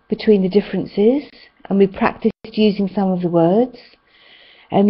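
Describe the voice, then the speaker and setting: A British woman leads an online English lesson, chatty and full of ums. Her voice sits at an ordinary pitch. The call audio comes through slightly muffled. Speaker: English teacher. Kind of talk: online class teaching.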